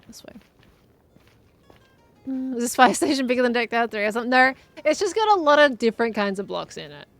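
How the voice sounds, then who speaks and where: A woman's voice: on the high side, animated, fairly quick, gravelly, a bit bright, no room sound, soft background music. A young adult woman streaming a game, chatting in a rambling, giggly way as she plays. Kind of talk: rambling live gameplay chat.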